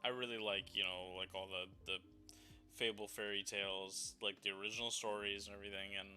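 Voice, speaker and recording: A man co-hosting a podcast, chatting casually in halting bursts with many restarts. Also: fairly low pitch, flat delivery, bright, forceful tone, faint music behind. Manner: halting, restarts, laughs often. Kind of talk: casual chat.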